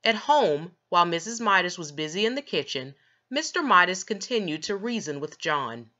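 A woman reading a children's book aloud with expressive, measured narration. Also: mid-range voice, dull audio. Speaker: storybook reader.

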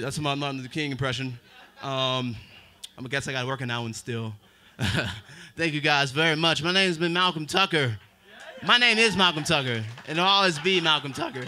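Young stand-up comic with a bright, high voice. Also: male voice, brisk. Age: 20s. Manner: self-deprecating, drawling asides. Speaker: stand-up comedian. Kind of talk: stand-up comedy set. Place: open mic stage at a bar.

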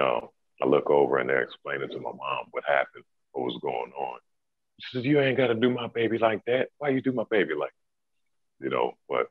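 A man's voice: very deep voice, no room sound. A middle-aged man, a former pro basketball player, telling stories in a laid-back, laughing way with many fillers. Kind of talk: casual storytelling. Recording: dry, tinny phone-like sound.

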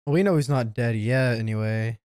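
A woman hosting an anime reaction channel, commenting live with excitable shouts, laughter, slang and lots of swearing. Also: extremely low pitch, fairly quick, faint music behind.

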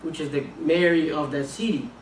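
A man's voice: on the high side, fairly even intonation, normal speed, a little hiss or hum, natural voice. A male preacher voicing a threatening armed man in his story, in non-native English, in an echoey church. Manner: shouted threats. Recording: echoey church room, mic at a distance.

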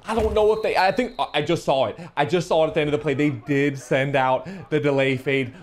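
A young man giving live commentary on his own football video game, animated and chatty with viewers. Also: fairly high pitch, brisk, noisy background. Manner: excitable, shouts and laughs at big plays, talks to viewers; animated, talks with his hands.

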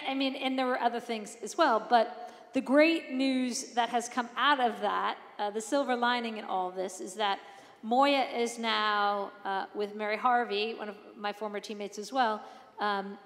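A woman hosting a live talk, chatty and animated, who laughs easily while moderating. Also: on the high side. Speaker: event host and interviewer. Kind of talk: conversational moderating. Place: event hall with audience. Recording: echoey hall.

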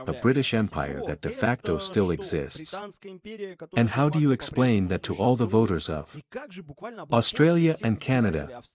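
A man giving political commentary as a voice-over, arguing in a sarcastic tone. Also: lowish voice. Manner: sarcastic, argumentative.

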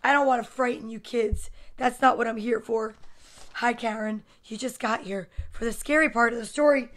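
A woman reading a children's picture book aloud to kids, with playful, expressive asides. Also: on the high side, normal speed. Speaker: story time reader.

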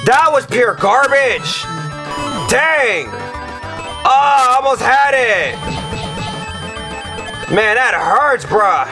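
Young guy streamer losing it over a game, really high bright voice, swings all over. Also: sing-song, very slow, pauses often, over music. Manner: loud, ranting, yelling at the game. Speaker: streamer playing a platform game. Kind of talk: rage gameplay commentary.

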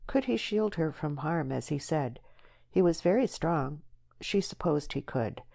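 Woman audiobook narrator, dark low tone, steady reading. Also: unhurried, gravelly. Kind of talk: scripted narration.

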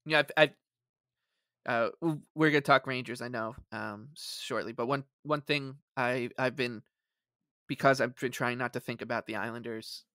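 Bright, dry-sounding man musing on air. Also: medium pitch, steady tone, moderate pace, no room sound. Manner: meandering, lots of "uh" and "like", wry. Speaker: podcast co-host. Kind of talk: casual sports podcast chat.

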